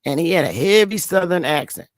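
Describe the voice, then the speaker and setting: A woman's voice: on the low side, expressive, fairly quick, dry recording. A woman hosting her own channel, telling a rambling story in a casual monologue, often repeating and restarting words. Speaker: channel host.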